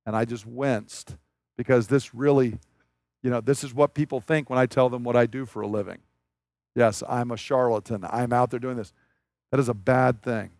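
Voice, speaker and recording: A man's voice: medium pitch, fairly even intonation, moderate pace, a little mellow, no echo. A man preaching a sermon as pastor, earnest and conversational, building emphasis as he explains scripture.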